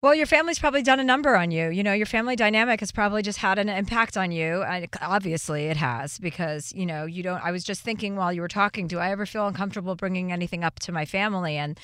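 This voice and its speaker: A woman's voice: mid-range voice, fast talker, few pauses, a bit bright, clear, resonant tone, dry recording, studio quality. A young woman hosting a call-in advice show, talking earnestly and encouragingly with frequent restarts. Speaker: show host.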